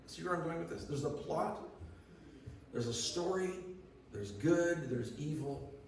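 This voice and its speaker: A man's voice: fairly high pitch, animated, unhurried, a little hiss or hum. A man giving a sermon as pastor, in a conversational way that asks the congregation questions. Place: church hall. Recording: echoey church hall from far off.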